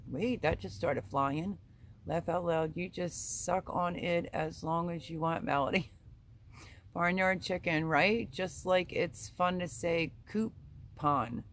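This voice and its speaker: A middle-aged woman hosting a casual livestream, chatty and giggly, reading viewer names aloud. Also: on the low side. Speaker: livestream host reading chat. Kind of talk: casual live chat.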